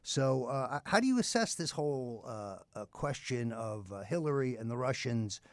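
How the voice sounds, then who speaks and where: A man hosting a talk radio show, speaking haltingly with many uh's and grand flourishes. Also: medium pitch, lively intonation, no room sound. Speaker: radio host.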